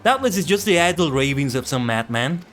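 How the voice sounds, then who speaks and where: A man's voice: on the high side, big pitch swings, fairly quick, a bit bright, slight background noise. A man voicing a prim, nervous young woman sidekick with flustered, stammering politeness, reading game dialogue aloud.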